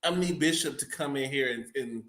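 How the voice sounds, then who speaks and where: Bright teasing man co-host. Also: mid-range voice, brisk. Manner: teasing, joking interjections. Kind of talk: casual gossip chat.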